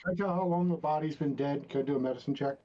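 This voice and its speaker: Quick-talking male player, lo-fi mic. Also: fairly high pitch, dark tone. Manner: curious, asking questions. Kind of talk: casual game chat. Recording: dull lo-fi mic with faint noise.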